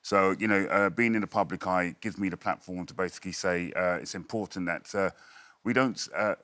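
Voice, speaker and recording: A man's voice: deep voice, fairly even intonation, a little fast, pushed and bright, no room sound. A middle-aged man from Britain, a guest in a TV studio interview, talking in a chatty way with many fillers and hesitations. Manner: jokey, lots of filler words, puts on voices. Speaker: quiz show regular, guest.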